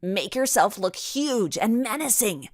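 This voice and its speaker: A woman's voice: lowish voice, very animated, takes it slowly, fairly bright tone, no echo, clean studio sound, exaggerated voice. A woman voicing a bold, cheeky young girl detective who teases. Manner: cheeky, teasing.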